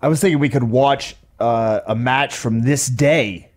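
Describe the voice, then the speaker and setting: A man's voice: medium pitch, unhurried. A man co-hosting a podcast, talking in a laid-back, chuckling way. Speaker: podcast co-host. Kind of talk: casual chat.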